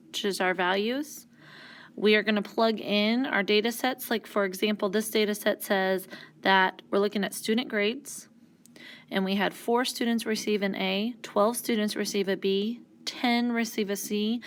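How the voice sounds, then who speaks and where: A woman teacher giving a recorded classroom lesson, explaining patiently and step by step with the odd "um". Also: medium pitch. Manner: uses fillers like um.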